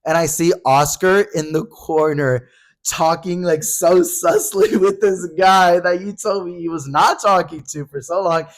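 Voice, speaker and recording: A young man co-hosting a podcast, telling a rambling story in casual chat and filling every pause with "like". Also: high voice. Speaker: podcast co-host.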